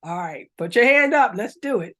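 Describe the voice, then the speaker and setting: A middle-aged woman leads a laughter yoga class, coaxing and upbeat, and keeps breaking into hearty laughter. Her mid-range voice is animated and a bit bright, at a moderate pace.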